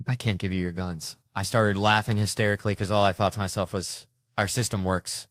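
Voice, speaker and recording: A man's voice: on the low side, fairly even intonation, a little fast, few pauses, dry recording. A man telling a stand-up story in a rowdy, profane manner, imitating the people in it. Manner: rowdy, profane anecdotes with mimicked voices. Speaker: stand-up comedian.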